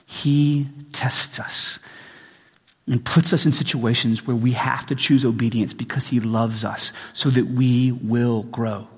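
A man's voice: medium pitch, fairly even intonation, slow pace, husky. A man preaching a sermon, earnest, reading scripture with growing intensity. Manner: earnest, with frequent restarts and rising intensity in readings. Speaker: pastor. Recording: long reverb in a large hall.

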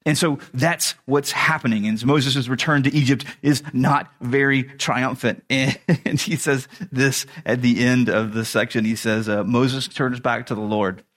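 A man's voice: medium pitch, steady tone, measured pace, few pauses, fairly bright tone. A man giving a sermon as a pastor, retelling a story in a casual, humorous way with chuckles and restarts.

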